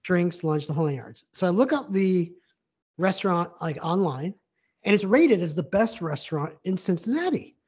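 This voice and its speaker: Animated man with blunt opinions, lo-fi sound. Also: high voice, normal speed, husky. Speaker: podcast co-host. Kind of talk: casual sports chat. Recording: dull lo-fi sound.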